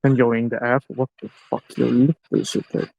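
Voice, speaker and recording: A man's voice: mid-range voice, flat delivery, normal speed, vocal fry, a little mellow, no echo, muffled recording. A man on a live ghost-hunting stream, swearing nervously and questioning a spirit box in an old abandoned house. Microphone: handheld phone on a live stream.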